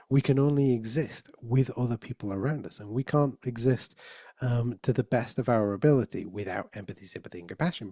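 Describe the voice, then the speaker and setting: A man's voice: mid-range voice, warm tone, dry recording, studio quality. A man giving a conversational conference talk, often restarting phrases and checking in with the audience. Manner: conversational, frequent restarts and "right?" tags. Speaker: conference speaker.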